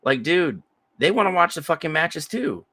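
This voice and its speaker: A man's voice: on the high side, very animated, moderate pace, bright, forceful tone, no echo. A man co-hosting a podcast who chats casually in an emphatic, profane and sarcastic way. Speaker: podcast co-host. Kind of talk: casual chat.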